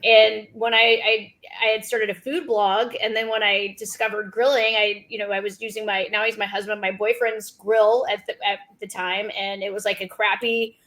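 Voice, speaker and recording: A woman's voice: medium pitch, level tone, moderate pace, few pauses, fairly bright tone. A woman guest on a podcast, chatting casually in a bubbly, self-deprecating way. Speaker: podcast guest, food blogger. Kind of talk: casual chat.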